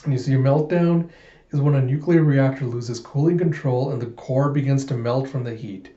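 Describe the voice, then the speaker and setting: Mellow-voiced man retelling a comic with laughter; dull, roomy home recording. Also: medium pitch, moderate pace. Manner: animated retelling, laughing often. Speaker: channel host. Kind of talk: comic book readthrough. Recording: muffled echoey room.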